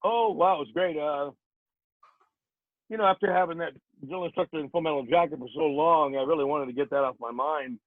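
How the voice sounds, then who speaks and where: A man's voice: fairly high pitch, fairly quick, no echo. An older man, an actor and comedian, telling jokey stories in a casual interview and slipping into put-on voices, over a tinny phone-like line.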